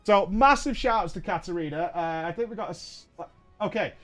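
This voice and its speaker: A man hosting a casual stream chat, telling an animated story with laughs and casual swearing. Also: sits high, a little fast, faint music behind. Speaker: streamer host.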